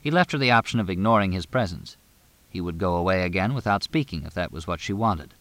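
Low, dry-sounding man narrating a novel at a steady, measured pace. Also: no room sound. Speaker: audiobook narrator. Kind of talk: scripted narration.

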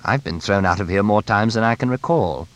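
A man's voice: lowish voice, a little fast, no room sound, lightly acted. A man voicing a jovial, breezy middle-aged bush pilot who has settled in Kenya, in an audiobook. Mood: amused. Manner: chuckling, breezy, expansive.

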